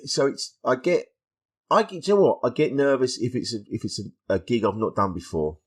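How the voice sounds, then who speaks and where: A man, a stand-up comedian guest on a podcast, telling stories in a lively way and acting out the voices of people he quotes. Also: mid-range voice, brisk, slightly rough. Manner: animated storytelling, acts out quoted voices. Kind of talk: casual podcast interview.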